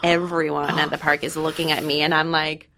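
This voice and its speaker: A woman guest on a podcast, telling stories in an animated way and acting out quotes. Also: sits low, a little fast, slight background noise. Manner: animated storyteller, acts out quotes. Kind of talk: casual chat.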